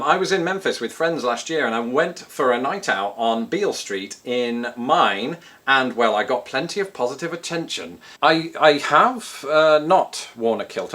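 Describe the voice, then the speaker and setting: A British man with a British accent and a slightly bright, medium-pitched voice chats casually to camera. He answers viewer questions with joking, self-deprecating asides.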